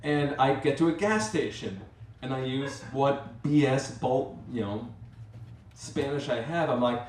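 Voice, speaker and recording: A man's voice: medium pitch, unhurried, darkish tone. A man tells a rambling comic story on a live stage, acting out his own asides with a self-mocking edge. His voice carries the echo of a roomy venue and sounds picked up from some distance. A faint noise sits under the recording. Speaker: storyteller and master of ceremonies.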